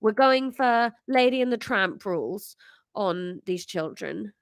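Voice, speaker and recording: A woman's voice: medium pitch, animated, a little slow, no echo. A woman hosting a podcast, chatting and reading an improvised comic story, self-mocking and full of restarts.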